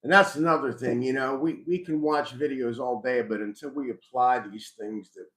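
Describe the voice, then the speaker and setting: A man's voice: mid-range voice, normal speed, a bit bright. A middle-aged man hosting a casual live chat, reflective and rambling with frequent restarts. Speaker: host. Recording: roomy echo.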